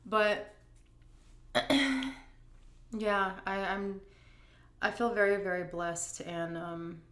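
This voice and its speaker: A woman's voice: medium pitch, fairly even intonation, fairly bright tone. A middle-aged grandmother vlogger chatting candidly and emotionally as she answers viewer questions. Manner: candid, emotional, drawn-out emphasis. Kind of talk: casual Q&A chat. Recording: echoey room.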